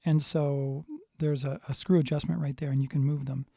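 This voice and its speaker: A man's voice: a little high, moderate pace, gravelly, dry recording. A man giving a live guitar lesson, chatting and thinking aloud as he tunes and plays. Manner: relaxed, thinking aloud while tuning. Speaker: guitar teacher. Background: guitar playing.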